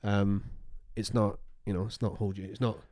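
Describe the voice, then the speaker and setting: A man co-hosting a podcast, telling stories in a rambling, animated way with lots of restarts. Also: lowish voice, moderate pace, no room sound, clean studio sound. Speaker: podcast co-host. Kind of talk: casual chat.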